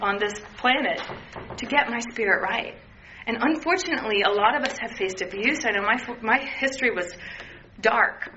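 This woman's voice sits fairly high and comes across pushed and bright. She's in her thirties, earnestly and candidly recounting her recovery in a casual way while performing the voices of people she quotes, on a dull lo-fi recording with a little noise.

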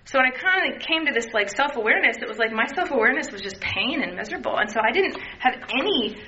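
A woman's voice: fairly high pitch, expressive, quick pace, bright, forceful tone. A woman in her thirties sharing a candid personal recovery testimony, earnest, and acting out quoted voices as she talks. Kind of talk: personal testimony, casual talk. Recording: dull lo-fi sound, faint noise.

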